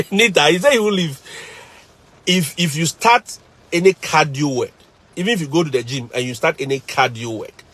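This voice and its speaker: A man's voice: on the high side, normal speed, a bit bright. A man, a teacher and vlogger, chatting casually on a live stream, telling stories animatedly, laughing often and repeating phrases.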